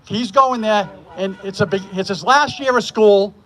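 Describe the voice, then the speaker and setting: A man's voice: high voice, normal speed, pushed and bright, slight background noise. A man passionately opening a street protest with a short rally speech. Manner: earnest, passionate. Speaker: protest organizer.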